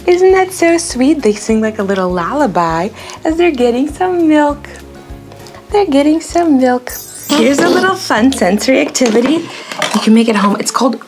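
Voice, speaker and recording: Brief: young woman, high lively sing-song voice, toddler teacher, soft music under her. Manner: slow, exaggerated, cheerful teacher talk with animal noises. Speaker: children's educator.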